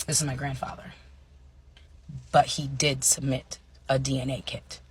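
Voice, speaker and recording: A woman in her thirties telling a personal story in a chatty way, full of fillers and dropping into hushed asides. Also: rumbling low, flat delivery, measured pace, pauses often, slight background noise. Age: 30s. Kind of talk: casual storytime monologue.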